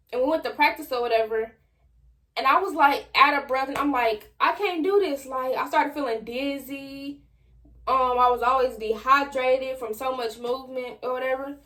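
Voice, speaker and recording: A young adult woman telling a personal story straight to her viewers in a casual, slangy, animated way. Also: sits high. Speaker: vlogger.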